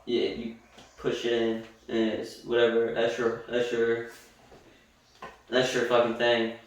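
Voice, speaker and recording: A young man co-hosting a podcast chats in a loose, joking way and stretches words out for emphasis. His voice sits at an ordinary pitch. He sounds set back from the microphone in a boomy, echoing room. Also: completely flat delivery, unhurried. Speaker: podcast co-host. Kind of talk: casual chat. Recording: roomy echo, distant from the mic.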